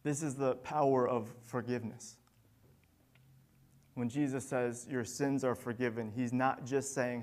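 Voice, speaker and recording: A man's voice: medium pitch, steady tone, measured pace, a little mellow. A man preaching a sermon as pastor, earnest and building to emphatic peaks.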